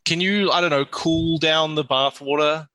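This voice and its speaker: A man playing a tabletop game, planning out loud, hesitant and full of restarts. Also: fairly high pitch, steady tone, moderate pace, no room sound, poor audio. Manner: hesitant, restarting and thinking aloud. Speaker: player. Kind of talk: casual tabletop game chat.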